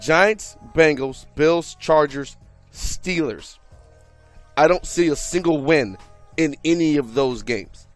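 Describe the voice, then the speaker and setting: A man's voice: on the high side, takes it slowly, soft background music. A man co-hosting casual sports talk, laid-back and joking with slangy asides. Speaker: co-host.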